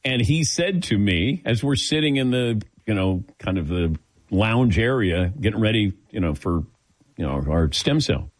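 A man hosting a talk show, telling stories in a casual, animated way and acting out the dialogue. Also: fairly low pitch, normal speed, dry recording. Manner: animated storyteller, acts out dialogue with laughs. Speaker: radio show host.

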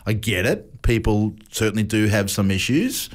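A man hosts a radio show in easy, joking banter, laughing as he goes. His pitch rises and falls a lot as he talks, bouncing between topics. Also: lively intonation, moderate pace. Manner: chatty, laughing, jokey.

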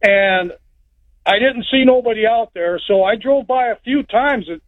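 A man's voice: high voice, a little slow. A man calling in to a radio show, telling a story in a rambling, plain-spoken way. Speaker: caller. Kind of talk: phone-in storytelling. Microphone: telephone. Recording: tinny phone line.

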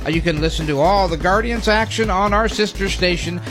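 Guy reading sports scores on radio, dry jokes, music playing clearly behind. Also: high voice, brisk. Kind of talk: sports news rundown with banter.

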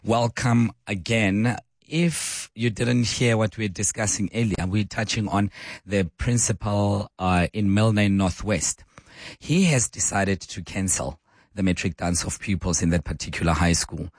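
A male South African radio host with a hoarse voice, chatting and putting questions to his listeners on a call-in show. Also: on the low side, unhurried, no echo, clean studio sound. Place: radio studio.

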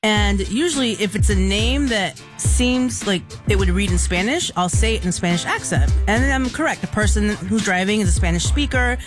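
A woman's voice: medium pitch, normal speed, few pauses, faint music behind. A woman co-hosting a radio show, telling amused stories in casual chat. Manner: storytelling, lively and amused. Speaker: radio co-host.

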